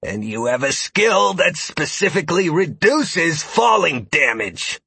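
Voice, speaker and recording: Man voicing an angry adventurer, gritted teeth, slower, husky, for an audiobook. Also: on the high side, big pitch swings, sharp tone, no room sound, pitched above the performer's own voice, full character voice. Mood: seething. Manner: seething through clenched teeth. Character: hot-tempered male adventurer in pain.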